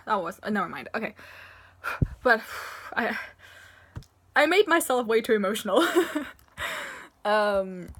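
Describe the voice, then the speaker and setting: Gushing over a manga chapter, a woman rambles casually, tearful and choking up, peppering her speech with filler words and swearing. Her voice is medium in pitch with a fairly bright tone.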